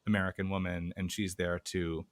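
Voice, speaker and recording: A man co-hosting a podcast, chatting casually about a film, relaxed and meandering with many fillers. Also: sits low, normal speed, no room sound. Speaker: podcast co-host.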